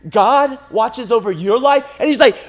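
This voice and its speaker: High-voiced man preaching with passion. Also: lively intonation, unhurried, very noisy. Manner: impassioned, repetitive, swings from hushed to loud. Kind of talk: sermon.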